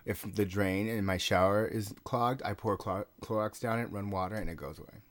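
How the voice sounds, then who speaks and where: A man's voice: lowish voice, moderate pace, no room sound. A man co-hosting a comedy show with wry, sarcastic remarks. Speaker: co-host. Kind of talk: casual comedy chat.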